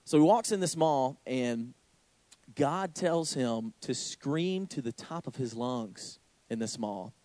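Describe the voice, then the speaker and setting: Young male preacher, storytelling sermon delivery, dry close sound, mid-pitched. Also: slow pace, dry recording. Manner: lively storyteller, sudden high exclamations. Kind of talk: sermon with anecdote.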